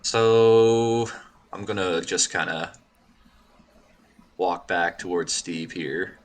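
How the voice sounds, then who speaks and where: A man playing in a tabletop game, speaking politely in a measured, hesitant way. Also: sits low, slight background noise. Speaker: player.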